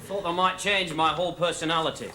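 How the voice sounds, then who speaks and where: A man's voice: a little high, quick pace, heavy background noise, natural voice. A man playing a wistful young shop assistant. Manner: self-pitying, wry and theatrical. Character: young put-upon male shop assistant, wistful dreamer.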